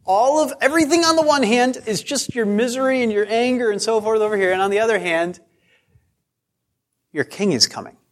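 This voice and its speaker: A man's voice: very high-pitched, fast talker, few pauses. Man preaching in a chatty, repetitive way. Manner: conversational preaching with self-deprecating asides; repeats phrases for emphasis, draws out key words. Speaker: pastor. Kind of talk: sermon.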